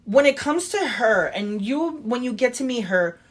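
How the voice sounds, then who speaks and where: A woman's voice: a little high, animated. Enthusiastic woman podcast co-host. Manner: enthusiastic, halting with restarts and "like". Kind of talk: casual chat about a video game.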